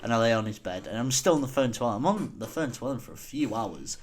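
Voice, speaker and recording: A young man co-hosting a casual podcast chat, telling a story with lively acted-out quotes. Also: mid-range voice, fast talker. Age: young adult. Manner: animated storytelling, acting out quotes. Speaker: podcast co-host.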